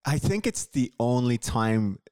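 A man's voice: medium pitch, lively intonation, unhurried, a little mellow, smooth, no room sound. A man from Switzerland co-hosting a podcast, telling a story in wry casual chat. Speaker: podcast co-host.

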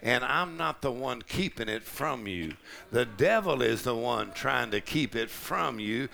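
A middle-aged man with a drawl preaches to a church crowd, his voice heavy with gravel. His tone is bright and forceful, and he swings from easy storytelling to shouting on the big lines. He sounds like he is on a church mic in a big auditorium. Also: mid-range voice, animated, a little slow. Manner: rising to shouted declarations with a gravelly voice. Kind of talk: sermon.

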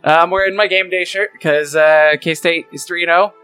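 A man's voice: fairly high pitch, fairly even intonation, normal speed, bright, forceful tone, clean tone, soft background music. A man chatting in an easygoing, rambling way on a casual podcast.

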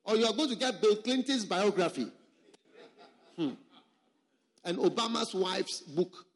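A man's voice: high voice, expressive, a little slow. A male pastor preaching a sermon to a conference of pastors, emphatic, repeating words for stress and putting questions to the audience.

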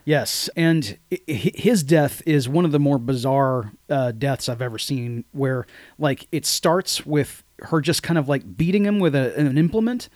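A man's voice: mid-range voice, a little slow, darkish tone, no echo. A man co-hosting a podcast, chatting casually about a film, agreeing often and filling his talk with "like" and restarts. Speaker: podcast co-host.

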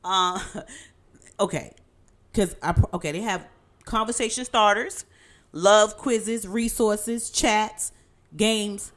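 A woman's voice: medium pitch, takes it slowly, pauses often. A middle-aged woman co-hosting a married couple's podcast, chatting in a playful, teasing way. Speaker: podcast co-host. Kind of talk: casual chat.

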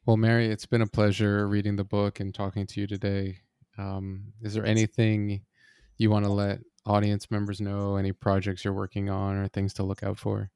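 A male podcast host asks short, polite questions in a calm, fairly low voice. His tone is smooth and level, and it is recorded close and dry with no room sound. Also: moderate pace, dry recording. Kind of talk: interview questions.

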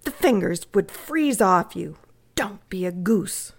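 A woman voicing a sharp-tongued, scowling aunt in a read-aloud story, scolding and fretful. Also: mid-range voice, animated, slow pace, creaky, husky, heavily acted. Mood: gruff.

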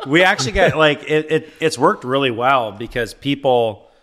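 A man's voice: mid-range voice, lively intonation, moderate pace, fairly bright tone. A man in his thirties from Iowa, a seed company co-founder chatting easily as a podcast guest. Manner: easygoing, rambling with fillers. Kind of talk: casual podcast interview.

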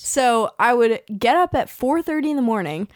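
A woman's voice: on the high side, animated, moderate pace, dry recording, studio quality. A woman in her twenties from California, hosting a podcast in a casual, chatty way with lots of fillers and laughs. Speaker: podcast host.

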